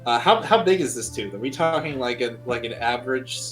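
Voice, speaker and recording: A man's voice: mid-range voice, lively intonation, a little fast, over music, poor audio. A man playing in a tabletop game, asking questions with hesitant fillers. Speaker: player. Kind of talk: casual tabletop play.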